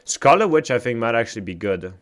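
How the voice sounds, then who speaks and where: A man streaming a game live, chatting casually with his chat, swearing often and reacting loudly to what he reads. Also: medium pitch, expressive, a little fast.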